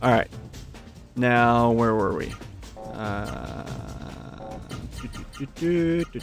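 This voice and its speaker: A man talks through a game in a casual, unhurried way, his voice carrying a gravelly edge. He swears freely and is quick to rant at the characters on screen. Faint game music sits behind him. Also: mid-range voice, expressive. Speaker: let's play gamer. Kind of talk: casual gameplay commentary. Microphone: desk microphone.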